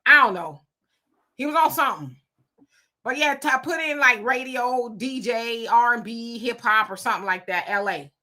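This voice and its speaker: A woman's voice: fairly high pitch, animated, moderate pace, pushed and bright. A middle-aged woman from Southern California hosting a casual live stream, chatting and laughing as she talks back to her viewers. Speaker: live-stream host reading chat.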